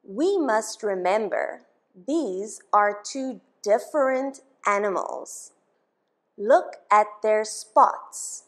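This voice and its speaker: A woman from Africa, teaching children English words slowly and patiently, asking questions and having them repeat each word. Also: medium pitch. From South Africa. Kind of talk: slow children's English lesson.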